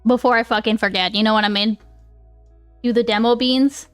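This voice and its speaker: A woman's voice: fairly high pitch, steady tone, fairly quick, smooth, soft background music. A woman live streamer chatting casually with her viewers. She rambles, restarts often, laughs a lot and swears freely.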